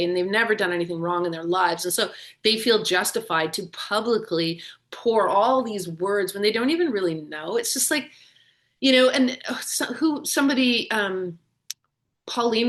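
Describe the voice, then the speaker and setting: A woman co-hosting a discussion on a video call, impassioned, with her pitch rising on stressed words. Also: a bit bright. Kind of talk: emotional group discussion.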